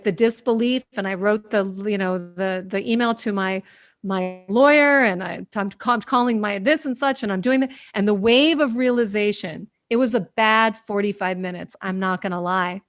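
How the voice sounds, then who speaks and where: A woman host telling a personal story to an online group in an animated, expressive way over a video call. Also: mid-range voice. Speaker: host and company founder.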